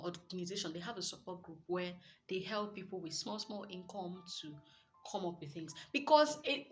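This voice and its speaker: A young adult woman with a Nigerian accent giving earnest, lively relationship advice as a coach, with Pidgin asides. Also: mid-range voice. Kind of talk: motivational advice talk.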